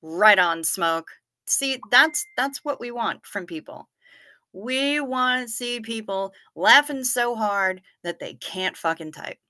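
A woman with a Midwestern American accent hosts a livestream, chatting casually as she reacts to viewer photos. Her voice is bright and lively, and she talks at an easy, unhurried pace. She sounds playful and gushing. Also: fairly high pitch. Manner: gushing, playful, laid-back. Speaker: livestream host. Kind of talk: casual chat reading viewer comments.

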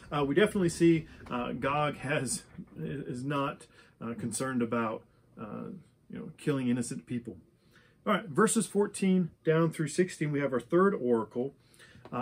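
A man's voice: medium pitch, slightly rough. A man teaching a Bible study, reading scripture verses aloud and explaining them with frequent "uh" fillers and restarts. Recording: church service recording.

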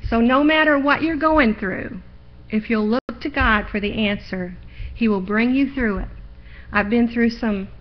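A middle-aged woman with a higher-pitched voice preaches a sermon in church at a measured pace, folksy and personal. She shares her own testimony and drives her points home with growing loudness. The live stream audio is lo-fi.

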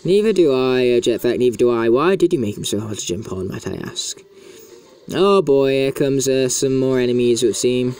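A man's voice: mid-range voice, normal speed, a little mellow. A man chatting casually as he plays a video game, in a talkative, self-mocking way. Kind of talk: casual gameplay commentary.

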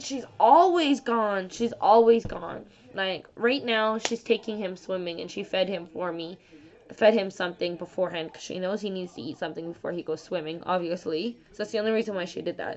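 A young woman from Canada, talking in a rambling, emotional personal vlog full of restarts and fillers. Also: mid-range voice. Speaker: vlogger. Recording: dull lo-fi audio.

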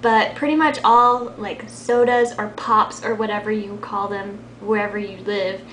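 A soft-spoken young woman from Texas with a light Texan accent and a high-pitched voice, chatting casually to her camera. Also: steady tone, unhurried, slight background noise. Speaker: vlogger. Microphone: built-in camera mic. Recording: echoey room.

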